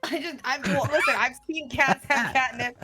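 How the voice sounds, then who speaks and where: A woman's voice: high-pitched, moderate pace, over a noisy crowd. A young woman chatting casually on a gaming stream, laughing often as she improvises a silly story. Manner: giggly, animated storyteller. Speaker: streamer's guest player.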